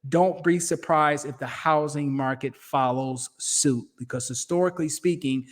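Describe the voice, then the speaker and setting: A man's voice: on the high side, moderate pace. A man with a Midwestern accent hosting a finance show, giving casual, emphatic commentary over a shared screen. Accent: Midwestern American. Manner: conversational and emphatic, with restarts and slang.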